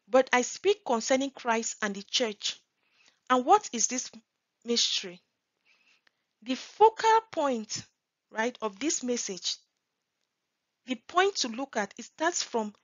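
A woman with a high voice teaches scripture at a slow, deliberate pace, reading each verse and then unpacking it. She stresses and repeats key words. The recording is dry and a little dull. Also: dry recording. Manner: reads scripture aloud and explains it point by point; leans on key words, repeats them for emphasis. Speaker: Bible teacher.

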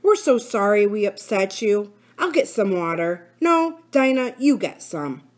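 A woman reading aloud, voicing a brave, practical schoolboy who calms the others in an earnest, steady voice. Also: medium pitch, a little slow. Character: boy, brave, practical and reassuring.

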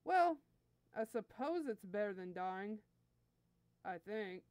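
A woman's voice: mid-range voice, big pitch swings, slow pace, darkish tone, clean tone, no room sound. A woman voicing a bumbling, burly male alien minion who stammers and whines in fear, in a fan fiction story reading. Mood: pleading. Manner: stammering, fearful whining.

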